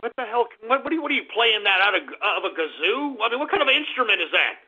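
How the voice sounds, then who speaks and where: A man hosting a call-in radio show, abrasive and yelling insults at his callers, heard with a tinny lo-fi sound. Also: high-pitched, very animated, fast, loud music behind the voice. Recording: tinny lo-fi phone-line sound.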